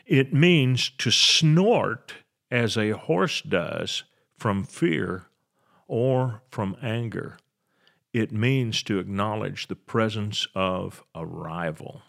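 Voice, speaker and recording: An older man preaching a sermon, reading scripture aloud and explaining it in an earnest, plain way, with halting restarts. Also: lowish voice, creaky, fairly bright tone.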